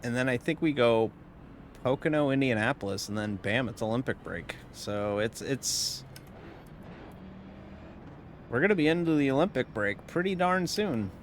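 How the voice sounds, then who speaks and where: Animated, wry man streaming a sim race. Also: mid-range voice, normal speed, pauses often, a little hiss or hum. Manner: rambling and wry, with casual swearing. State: tired, yawning. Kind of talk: casual live-stream commentary while racing.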